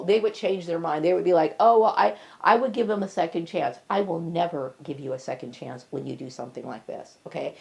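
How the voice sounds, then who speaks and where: Defiant middle-aged woman, low gravelly voice with fry, hammers each point home. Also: a little mellow. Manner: emphatic, repeats "okay?" for stress; blunt and defiant. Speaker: vlogger. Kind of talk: personal monologue to camera.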